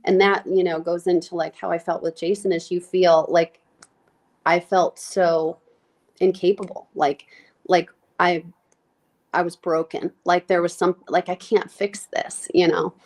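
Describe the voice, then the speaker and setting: Halting, emotional woman telling her story. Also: fairly low pitch, level tone, a little mellow. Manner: halting, reflective, many fillers and restarts; emotional, close to tears. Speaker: nurse practitioner guest. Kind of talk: candid personal interview.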